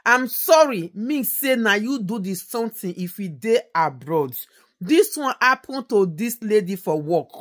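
A woman giving an earnest, casual introduction to a video. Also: mid-range voice.

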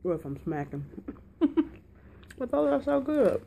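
A woman vlogger chatting casually through a snack taste test, talking excitedly and calling her viewers y'all. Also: sits high, unhurried, gravelly, slight background noise.

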